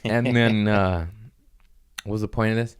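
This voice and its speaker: Profane, animated man telling stories. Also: unhurried, smooth. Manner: animated, profane, jumps into high-pitched quoted voices. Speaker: podcast host and comedian. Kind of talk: casual storytelling chat.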